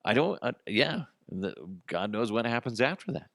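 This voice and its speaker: A man hosts a solo comedy podcast, ranting with lots of profanity. His pitch swings widely as he riffs, and the sound is dry and close, with no room around it. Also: normal speed, hardly any pauses, no echo. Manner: animated, profane, acts out both sides of a dialogue. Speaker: podcast host.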